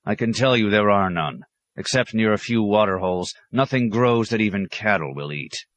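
A blunt, rumbling nomad chieftain , as a man voices him, proud and scornful, with a low voice. He speaks in a storybook audiobook, recorded close and dry. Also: lively intonation, normal speed, fairly bright tone, no room sound.

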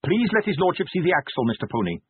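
A man's voice: fairly high pitch, very animated, fast, breathy edge, dry recording, voice pushed up. A man voicing an earnest, polite young male watch captain who speaks eagerly and helpfully. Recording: tinny phone-like band.

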